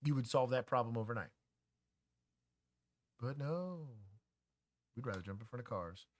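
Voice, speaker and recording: Dry close-miked former cop. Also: male voice, mid-range voice, lively intonation, moderate pace, no room sound. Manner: opinionated, explains police law. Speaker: co-host, former police officer. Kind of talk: casual livestream commentary.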